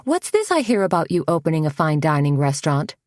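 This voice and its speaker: A woman's voice: low voice, sing-song, fast talker, darkish tone, no echo, studio quality. A woman reading as a wry small-town heroine.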